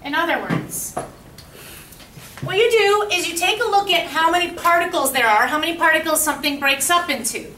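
A high-pitched, bright woman lectures a chemistry class, quizzing students and echoing back their replies. Her voice rings around an echoey classroom, picked up from a little way off, with a faint hum of room noise underneath. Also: lively intonation, brisk. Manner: asks the class questions and repeats their answers. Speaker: high school chemistry teacher. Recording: echoey classroom, mic at a distance.

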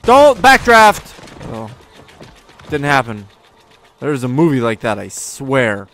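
A man doing let's play commentary in a goofy, joking way, often yelling at enemies. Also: medium pitch, slow pace. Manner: goofy, jokey, yells at enemies. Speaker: gaming video host.

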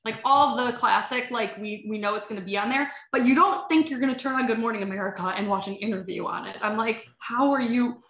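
A woman with a bright, slightly high voice chats animatedly as a podcast guest, full of fillers and acted-out quotes. Her voice carries a noticeable roomy echo. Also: quick pace, creaky, hardly any pauses. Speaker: podcast guest, sports agency head. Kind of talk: casual chat.

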